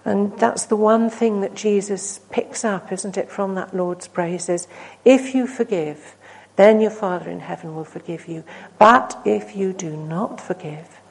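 A woman's voice: medium pitch, a little slow, vocal fry, few pauses, breathy edge, rough recording. Earnest woman preaching a sermon. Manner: earnest, rising to emphatic then dropping to hushed.

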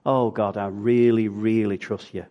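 Man acting as a frantic cliff-hanger, loud, high and pleading. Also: level tone, unhurried, in a large hall, narrow, tinny audio, natural voice. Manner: shouting, pleading then alarmed. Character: panicked man clinging to a cliff branch.

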